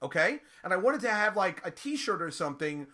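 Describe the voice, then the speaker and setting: A middle-aged man telling a raunchy story in an animated, profane way, laughing often. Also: high-pitched, fairly quick.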